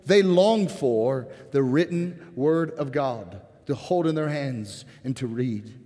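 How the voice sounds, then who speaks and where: Man, pastor, earnest sermon, impassioned then hushed, long church reverb. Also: medium pitch, expressive, slow. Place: church sanctuary.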